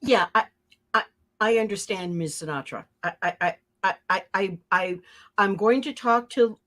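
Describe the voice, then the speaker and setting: A woman's voice: mid-range voice, normal speed, fairly bright tone. Stammering playful woman host. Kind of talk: improvised comedy banter.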